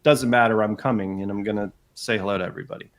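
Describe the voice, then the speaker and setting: A man, a guest telling animated anecdotes in a casual chat, with frequent asides. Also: on the low side, racing. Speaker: guest author. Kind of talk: casual storytelling.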